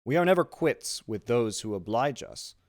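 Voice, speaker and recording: A man's voice: sing-song, moderate pace, a little mellow, no echo, clean studio sound. A man voicing an earnest, generous young sailor with emphatic, lifted delivery. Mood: cool, polite. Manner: raised pitch, emphatic.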